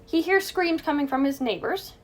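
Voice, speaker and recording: A woman's voice: sits high, moderate pace. A woman co-hosting a true crime podcast, chatting casually, joking and laughing at her own asides. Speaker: podcast co-host.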